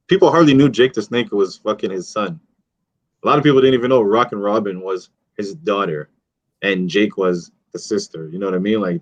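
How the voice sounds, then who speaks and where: A man hosting a casual podcast, telling loose profane stories full of fillers. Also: lowish voice. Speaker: podcast host. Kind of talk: casual chat. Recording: dull, dry, lo-fi audio.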